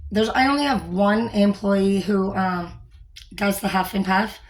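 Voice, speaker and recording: A woman's voice: mid-range voice, measured pace. A young woman, a store manager, talking frankly and rambling in a casual vlog, with many fillers and some swearing.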